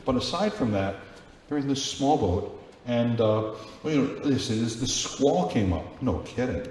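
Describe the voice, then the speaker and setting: A priest preaches a Sunday homily in a relaxed, chatty way, his pitch rising and falling often as he asks the congregation questions. His voice rings through a large church with strong, lingering reverb and faint room noise behind him. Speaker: Catholic priest. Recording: very echoey church with long reverb, faint ambience.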